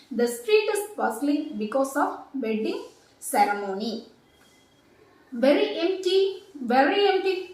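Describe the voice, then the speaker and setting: A woman with a high voice gives an English vocabulary lesson at an unhurried pace. She says each word and example twice. Her voice rings around a very echoey room. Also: a little mellow, recorded from a distance. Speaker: English teacher.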